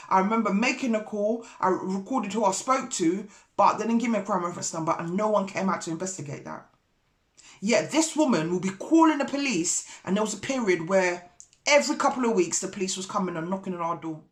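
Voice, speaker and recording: A woman vlogger and broker, telling a story in an indignant, animated way. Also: mid-range voice. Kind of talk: casual storytelling vlog.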